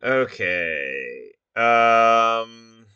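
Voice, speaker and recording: A man thinking aloud while he builds a word puzzle, muttering with many pauses and fillers. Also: mid-range voice, animated, sharp tone, clear, resonant tone, dry recording, muffled recording. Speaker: puzzle maker. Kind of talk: casual think-aloud commentary.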